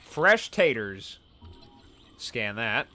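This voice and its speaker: A man's voice: mid-range voice, very animated, very slow, pushed and bright, soft background music. A man playing a survival video game and commenting casually, reading on-screen scan texts aloud. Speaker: let's play host. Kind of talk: gameplay commentary.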